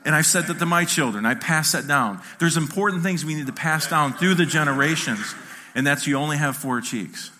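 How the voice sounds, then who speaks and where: Animated storytelling pastor, bright voice. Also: male voice, on the high side, a little fast. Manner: animated, jokey storytelling with acted-out quotes. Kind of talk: storytelling sermon. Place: church in front of a congregation.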